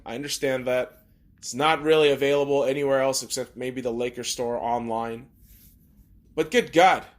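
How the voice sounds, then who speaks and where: A man's voice: a little high, a bit bright. A man hosting a podcast, talking in a blunt, profane, ranting monologue. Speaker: podcast host.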